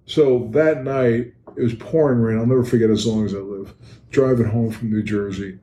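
Older man, animated interview storyteller, mellow voice, roomy, faint hiss. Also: mid-range voice, moderate pace. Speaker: podcast guest.

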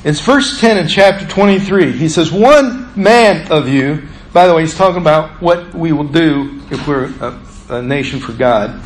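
Male pastor preaching, high-pitched, swings from emphatic to hushed, faint noise in the room. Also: normal speed, rough recording. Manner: preaching with emphatic rises and hushed low drops. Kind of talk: sermon.

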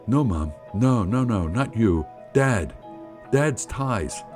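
A man's voice: fairly low pitch, lively intonation, slow pace, a little mellow, faint music behind, pitched above the performer's own voice. A man doing a pleading teenage boy. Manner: pleading, hasty.

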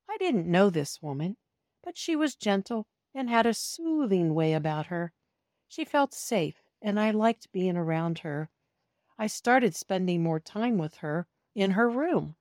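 Slow and expressive, a woman reads a children's story aloud as a first-person cat narrator who addresses young listeners directly. Her pitch is medium, and the sound is clean studio audio with no echo.

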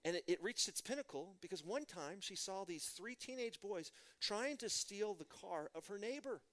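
A middle-aged man from Texas, preaching a sermon as a pastor and telling stories with animated rhetorical questions. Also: high voice, normal speed. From Midland, Texas.

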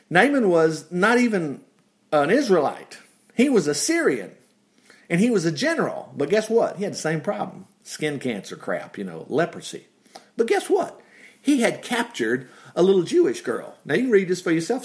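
A man's voice: high-pitched, moderate pace. A man teaching from the Bible in a conversational preaching style, breaking off for asides and exclamations and chuckling as he explains. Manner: animated, with frequent asides and exclamations.

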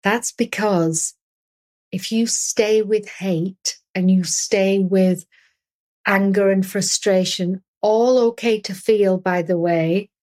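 A woman hosting a spiritual podcast and speaking as an energy healer in a soothing, earnest monologue with gentle repetition. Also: mid-range voice, slow pace.

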